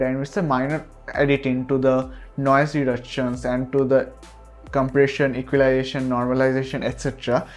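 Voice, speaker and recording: A man giving a product review of a microphone, talking earnestly and reassuring the listener again and again, recorded on a USB desk mic. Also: medium pitch. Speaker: tech reviewer.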